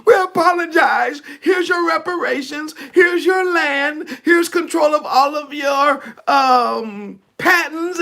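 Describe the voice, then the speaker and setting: A man's voice: extremely high pitch, gravelly, pushed and bright, pitched above the performer's own voice, heavily acted. A man putting on the voice of groveling government officials, sarcastically exaggerating their apology.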